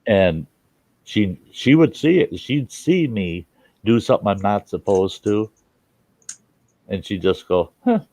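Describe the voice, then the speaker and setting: A man's voice: fairly low pitch, takes it slowly, pauses often, a little mellow, no echo. An older American man hosting a casual chat, telling a rambling personal story frankly, with swearing and acted-out quotes. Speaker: host.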